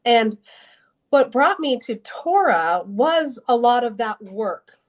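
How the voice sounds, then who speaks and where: A woman's voice: a little high, lively intonation, slow pace. A young adult woman telling her faith story as a guest in an interview, earnest and emotional, with many restarts. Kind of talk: personal testimony in an interview.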